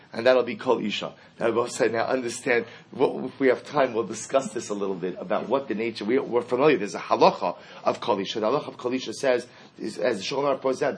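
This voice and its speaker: A man giving a Talmud lesson, reading Aramaic lines and explaining them in English with lively emphasis. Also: mid-range voice, breathy edge. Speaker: Talmud teacher. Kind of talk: Talmud class lecture.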